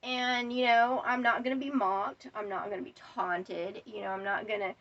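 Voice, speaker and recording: A woman's voice: mid-range voice, fairly even intonation, moderate pace, a bit bright, far from the mic, lo-fi sound. A woman delivering a defiant, profane rant straight to camera. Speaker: vlogger. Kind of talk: angry monologue to camera.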